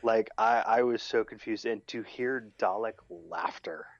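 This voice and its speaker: An easygoing man with a fairly low voice chats on a podcast and often agrees emphatically. His mic sounds slightly muffled and lo-fi, and the sound is dry. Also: unhurried, no room sound. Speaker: podcast co-host. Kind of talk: casual chat recapping an audio drama.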